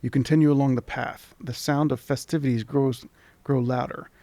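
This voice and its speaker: A man's voice: mid-range voice, steady tone, moderate pace, dark tone, no room sound. A man hosting a let's play, casually reading game text aloud with commentary, often stopping to restart words.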